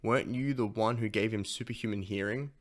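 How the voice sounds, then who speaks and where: A man's voice: lowish voice, fairly quick. A man hosting a manga reaction, reading the dialogue aloud in his plain voice and cutting in with gasps and swearing. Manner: reads character lines in his plain voice.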